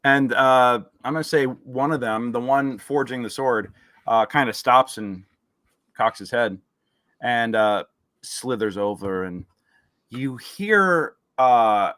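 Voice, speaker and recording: A man's voice: mid-range voice, takes it slowly, a bit bright, no echo. A man narrating a tabletop game as game master, rambling and hesitant with many fillers.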